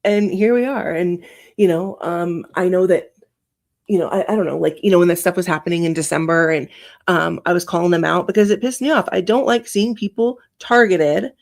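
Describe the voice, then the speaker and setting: A woman's voice: on the low side, fairly quick, vocal fry. A woman hosting a casual online chat, talking in a loose, filler-heavy way. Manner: conversational, many fillers like "you know".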